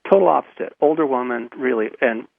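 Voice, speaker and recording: A man guest telling a personal story in a radio interview, halting and repeating his words, with frequent chuckles, over a phone line. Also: mid-range voice, gravelly, no echo.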